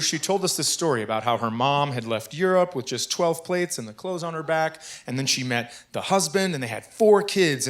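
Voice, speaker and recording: A man doing stand-up, telling a story about his son on a comedy club stage and bursting into shouts at punchlines. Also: a little high.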